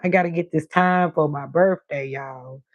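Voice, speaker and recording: A woman's voice: sits low, moderate pace, muffled recording. A woman hosting her own live stream, chatting casually and talking straight to her viewers. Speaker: livestream host.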